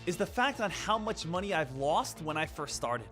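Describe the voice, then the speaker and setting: A man's voice: fairly high pitch, very animated, moderate pace, a bit bright, faint music behind. A man streaming about stock trading, lecturing emphatically and repeating phrases for effect. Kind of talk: live-stream motivational talk.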